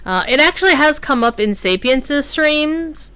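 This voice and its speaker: A woman's voice: high voice, expressive, measured pace, sharp tone. A woman streaming a game, chatting casually and rambling through asides with plenty of fillers and offhand swearing. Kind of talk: casual gameplay commentary.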